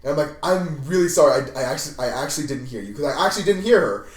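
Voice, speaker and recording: A young man on a podcast casually telling a rambling story from his school days with an animated, joking manner. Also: a little high, rapid-fire. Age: young adult. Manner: rambling, animated retelling with laughs. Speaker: podcast host. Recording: echoey room, mic at a distance.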